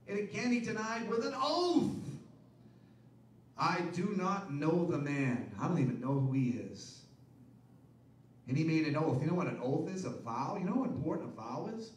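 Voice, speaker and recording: A man preaching a sermon as pastor, asking the congregation rhetorical questions and building to loud, emphatic peaks. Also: a little high, echoey room, distant mic, a little hiss or hum, poor audio.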